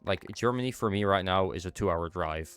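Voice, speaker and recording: A young man from the Netherlands chats loosely with his stream chat while he plays. His voice sits very low, and a cold has left his nose stuffed. Faint music plays underneath. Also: brisk, fairly bright tone, clear, resonant tone. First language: Dutch. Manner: chatty, answers chat while playing. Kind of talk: casual chat while gaming.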